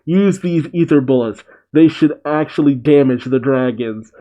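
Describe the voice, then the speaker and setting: A man's voice: fairly high pitch, moderate pace, dark tone, dull audio. A man reading a manga chapter aloud and narrating its dialogue, breaking off for dry, wry comments of his own. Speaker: manga reaction host.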